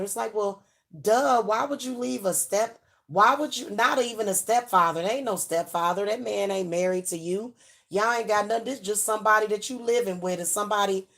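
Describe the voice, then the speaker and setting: A middle-aged woman, giving frank advice to parents in a chatty way, full of fillers and restarts. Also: on the low side. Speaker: channel host giving advice. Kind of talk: casual advice talk to camera.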